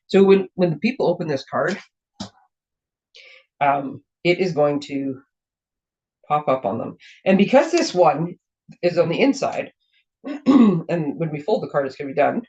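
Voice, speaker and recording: Chatty hoarse woman demoing crafts. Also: fairly low pitch, a little mellow. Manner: chatty, rambling, self-interrupting. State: slightly hoarse, clearing her throat. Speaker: craft demonstrator and show host. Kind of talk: casual card-making demo. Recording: dull lo-fi recording.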